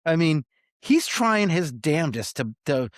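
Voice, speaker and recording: A man's voice: a little high, very animated, a little slow, no echo, clean studio sound. A man co-hosting a soccer podcast in casual chat, joking and given to mock-grand rants. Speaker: podcast co-host.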